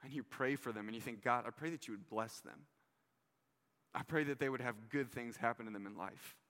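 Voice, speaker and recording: Bright-voiced man preaching in a hall. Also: medium pitch, brisk. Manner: earnest, conversational preaching with casual asides. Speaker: pastor. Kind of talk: sermon.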